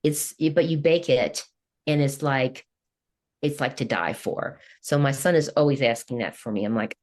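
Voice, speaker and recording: Older lady from kentucky, really low voice, chatty and rambly. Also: expressive, moderate pace, a little mellow. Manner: chatty, rambling, laughs often. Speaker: guest coach. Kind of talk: casual interview chat.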